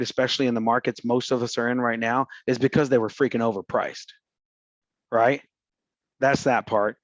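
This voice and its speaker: A man's voice: medium pitch, no echo. Slangy man, coaching casually. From Houston, Texas. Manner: slangy and conversational, acts out phone calls. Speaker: real estate coach. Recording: slightly muffled dry recording.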